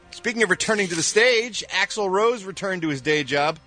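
Lively, animated male radio host. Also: high voice, soft background music. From Philadelphia. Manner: animated, jokey, with quick sound-effect interjections. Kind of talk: morning radio entertainment news. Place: radio studio.

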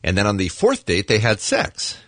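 A man co-hosting a morning radio show, telling a news story with jokey, quick banter. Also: on the low side, wildly swooping pitch, no echo.

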